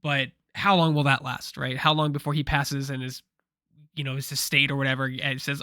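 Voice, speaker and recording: A man's voice: mid-range voice, little pitch movement, normal speed, pushed and bright, clean tone, dry recording, studio quality. A man co-hosting a casual pop culture talk show, rambling and opinionated with frequent restarts. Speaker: co-host. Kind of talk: casual podcast discussion.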